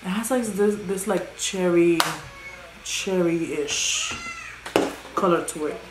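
A woman beauty vlogger chatting casually as she unboxes a gift, excitable and rambling with lots of filler words. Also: lowish voice, takes it slowly. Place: at home. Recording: echoey room with background noise.

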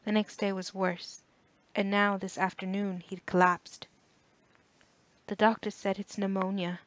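A woman's voice: medium pitch, little pitch movement, measured pace, no echo, lightly acted. A woman voicing a frightened, guilt-ridden mother with a shaky, anxious voice in an audiobook. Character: worried, frightened middle-aged mother.

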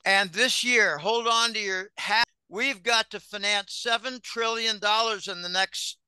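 A male guest giving deliberate, ominous financial warnings in an interview, with some restarts. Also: high-pitched, pushed and bright, clean tone, dry recording. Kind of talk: interview answers.

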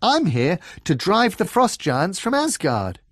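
A man voicing a cheeky, calm young boy in a storybook reading, pitching his voice up. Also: measured pace, no room sound, studio quality, heavily acted. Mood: cheerful.

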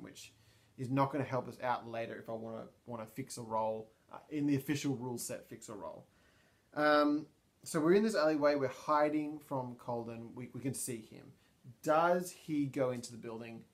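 A man's voice: medium pitch, moderate pace. A man narrating a solo tabletop game, thinking aloud with many ums and restarts. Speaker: storyteller and player.

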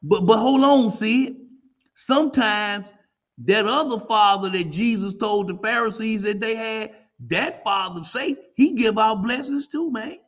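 A man talking through scripture in an easygoing back-and-forth, often answering with quick affirmations. He speaks in a fairly high voice. The stream audio is dull and lo-fi. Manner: frequent affirmations, yes sir, mm-hmm. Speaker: co-host in a Bible discussion broadcast. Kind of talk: casual Bible discussion.

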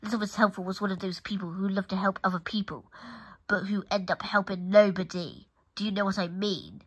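A woman reading a children's picture book aloud, expressive and talking straight to the listener. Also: medium pitch, fairly quick, breathy edge. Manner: expressive, addresses the listener directly. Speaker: storybook reader.

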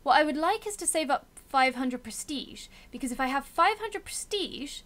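A woman's voice: high-pitched, animated, moderate pace, a bit bright. A young woman giving casual, self-mocking commentary as she plays a strategy game and talks to its characters. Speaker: gameplay commentator.

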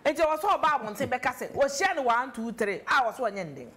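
A woman's voice: sits high, fairly quick, a little hiss or hum. A woman on a talk show panel, chatting casually and animatedly, mixing English into her talk. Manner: animated, mixes English into Twi. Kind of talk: casual chat.

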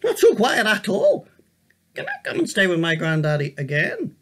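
A man's voice: high-pitched, wildly swooping pitch, normal speed, fairly bright tone, slightly rough, full character voice. A man voicing an eager young grandson in a picture book, talking in an urgent rush. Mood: cheeky. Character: excited little grandson, breathless and eager.

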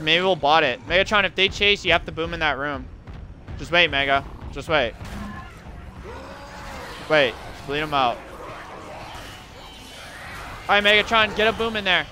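A young man with a somewhat high voice calling out plays to his teammates during a live game stream. He barks quick countdowns and orders, swears freely and talks in slang. Game noise and sounds clatter clearly behind him. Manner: rapid shouted callouts and countdowns, swearing, slangy. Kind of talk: live gameplay commentary to teammates.

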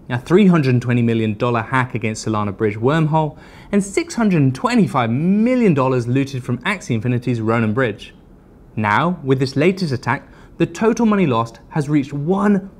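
A man presenting a scripted crypto news segment in a wry, sarcastic way. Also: medium pitch.

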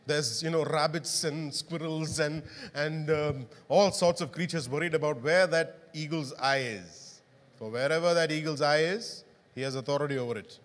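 Guy preaching in a church, kinda high voice, big hall echo, keeps asking the crowd stuff. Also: normal speed, a bit bright. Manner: interactive, asks the congregation questions. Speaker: pastor. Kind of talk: sermon. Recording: long hall reverb.

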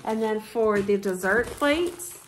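A woman's voice: medium pitch, slow pace, a little hiss or hum. A woman chatting through a casual shopping haul vlog at home, bubbly and talkative, keeps addressing viewers as "you guys". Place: at home, with her mother nearby. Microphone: propped-up phone camera.

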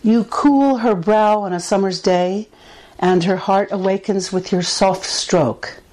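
Woman poet, unhurried and mellow, reads her own verse gently. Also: medium pitch, low-quality recording. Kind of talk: reading her own poetry.

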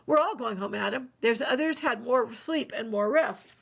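A woman's voice: a little high, normal speed, creaky. A woman voicing a weary male village reverend who speaks plainly and reassuringly. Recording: dull lo-fi recording.

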